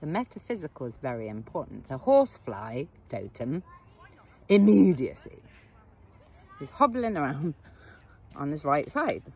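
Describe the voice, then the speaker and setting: A woman's voice: sits low, sing-song, moderate pace, slightly rough. A middle-aged woman, a therapist and coach, tells a story to the camera in a blunt, frank way, swearing casually and asking the viewer questions. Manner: direct address to the viewer with questions.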